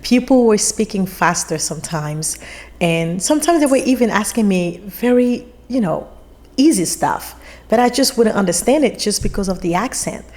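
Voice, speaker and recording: A woman's voice: medium pitch, moderate pace. A woman in her thirties from Ivory Coast, a native French speaker, telling stories as a guest in a casual interview. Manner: animated storyteller, laughs while acting out exchanges.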